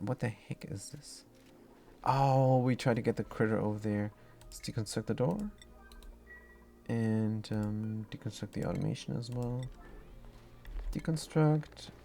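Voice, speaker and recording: Man, German accent, gravelly voice, rambling gameplay commentary, keyboard typing behind. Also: medium pitch, a little mellow, slight background noise. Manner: rambling, thinks aloud with many ums. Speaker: streamer.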